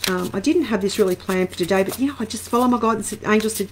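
Australian woman, middle-aged, angel card reader, casual live stream, chatty, greets viewers, rambling asides, mid-pitched voice. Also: fast, slight background noise.

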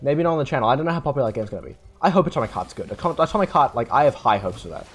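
A man's voice: mid-range voice, big pitch swings, racing, slightly rough, faint music behind. A young man rambling through casual gameplay commentary late at night, tired, self-deprecating and swearing freely. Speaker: gaming YouTuber.

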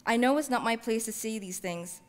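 A woman author reading her fiction aloud in a measured, heartfelt first-person voice, using Caribbean-English dialect. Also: fairly high pitch. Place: library event space. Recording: long reverb from a large hall.

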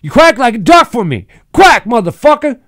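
Guy putting on a southern good ol boy, drawly, yelling and cussing, smooth dry sound. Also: high voice, sing-song, measured pace, dry recording, pitched above the performer's own voice. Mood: hollering. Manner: folksy, profane, hollering. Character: loud angry Southern good-ol'-boy man.

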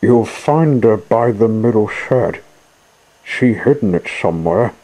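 A man's voice: lowish voice, animated, unhurried, warm tone, poor audio. A man voicing a welcoming male ferry boat in a children's story. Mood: friendly.

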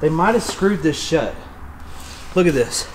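A man filming an excited unboxing vlog in a small storage unit, calling out finds to viewers. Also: fairly high pitch, unhurried, a little hiss or hum. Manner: addresses viewers as y'all, gasps and exclaims.

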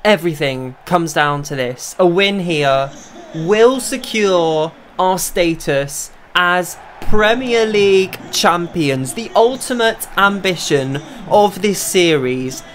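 A young man narrating his own football video game as a gaming creator, talking to himself and bursting into high shouts when chances come. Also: lively intonation, slow pace, a little hiss or hum. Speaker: gaming YouTuber. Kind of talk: live gameplay commentary.

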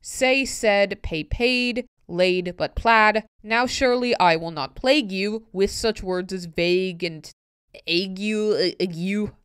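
A woman's voice: medium pitch, slow pace, few pauses, fairly bright tone, smooth, no room sound, studio quality. A woman vlogger reading a tricky pronunciation poem aloud, word by word, with puzzled, self-mocking asides in between.

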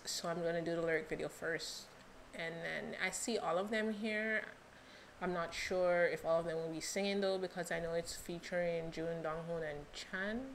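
A woman hosting a reaction video, talking casually with excitable, playful, teasing exclamations. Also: lowish voice, a little hiss or hum.

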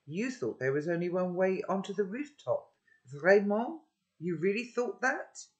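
A man's voice: high voice, expressive, a little slow, voice pushed up. A man reading aloud and voicing a wary, blunt boy who talks in an offhand, teasing way.

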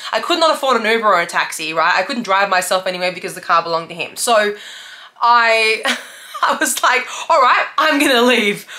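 A young woman speaking candidly about her worst moment as a business owner. Her voice is bright and crisp. She swears freely and laughs ruefully through painful memories, sounding close to tears at times. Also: on the high side. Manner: raw, confessional, swearing often, laughing through hard memories. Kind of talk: candid personal storytelling.

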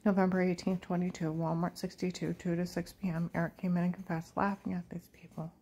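Flat-toned rambling woman. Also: on the low side, lo-fi sound. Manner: rambling, repetitive and agitated. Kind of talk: personal monologue to camera.

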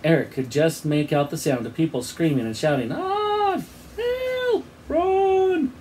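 A man's voice: on the high side, fairly quick, a little mellow, slight background noise. A man teaching, reading a children's book aloud expressively and acting out the sound effects, then giving his class an assignment.

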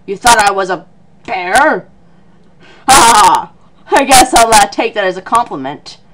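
A woman voicing an earnest young male martial-arts monk in a lowered, solemn tone while reading game dialogue aloud. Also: lively intonation, measured pace, very noisy, close to an everyday voice. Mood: good-natured.

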